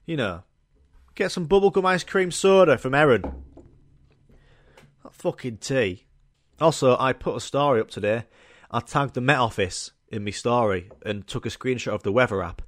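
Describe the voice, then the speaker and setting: A man's voice: medium pitch, lively intonation, normal speed, long pauses, no echo, studio quality. Blunt, swearing podcast man. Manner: swears freely, jokey and blunt. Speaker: podcast host. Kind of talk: casual solo podcast rant.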